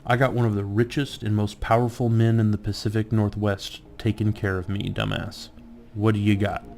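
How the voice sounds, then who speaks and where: A man's voice: lowish voice, level tone, normal speed, creaky, darkish tone, a little hiss or hum. A man voicing a sneering, contemptuous male cop from a video game, reading his lines aloud. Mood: smug. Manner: taunting, contemptuous. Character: sneering mercenary cop McCluskey, male adult.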